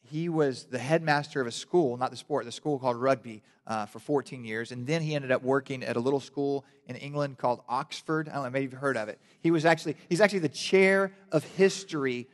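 A male pastor giving a casual, animated sermon with joking asides, often restarting his sentences. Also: medium pitch, fairly quick, few pauses. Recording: long hall reverb.

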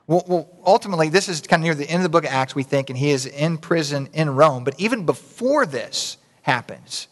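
A man's voice: fairly high pitch, animated, fairly quick, hardly any pauses. A man preaching a sermon in a conversational, folksy way, with asides to the congregation. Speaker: pastor. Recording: reverberant hall.

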